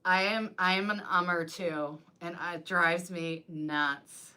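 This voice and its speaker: A rambling, chatty woman speaks on a casual live stream about her craft business. Her voice sits a little low for a woman but comes out bright and forceful. She strings her thoughts together loosely and leans on "like" throughout. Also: takes it slowly, clean tone. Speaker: wreath designer and business coach.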